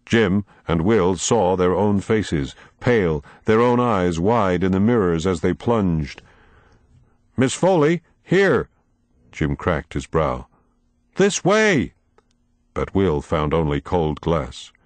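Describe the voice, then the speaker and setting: Slow, dramatic male audiobook narrator. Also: deep voice, darkish tone, dry recording. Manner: dramatic, measured storytelling.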